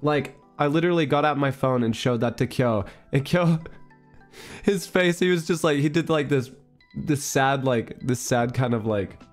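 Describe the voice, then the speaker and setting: Young male streamer, hoarse voice, rambling casual chat, faint music underneath. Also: mid-range voice, normal speed. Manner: rambling, animated storytelling with laughs. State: hoarse, recovering voice.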